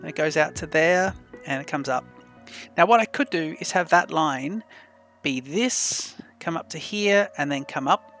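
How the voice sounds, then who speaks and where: A let's-play host with a gravelly, somewhat high and slightly bright voice gives casual commentary on his game, musing aloud in a relaxed, talkative manner. He's close to a desk microphone, with faint music running beneath him.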